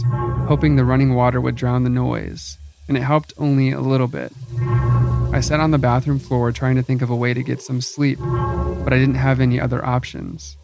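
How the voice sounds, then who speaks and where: A man giving a scripted horror story narration in an even, measured reading. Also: mid-range voice, vocal fry.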